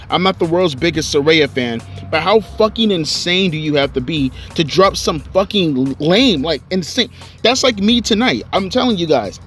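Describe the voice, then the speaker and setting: A man's voice: fairly high pitch, a bit bright, slightly rough. A young man ranting angrily and profanely about online commentators, recorded outdoors on his cell phone. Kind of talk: angry rant vlog.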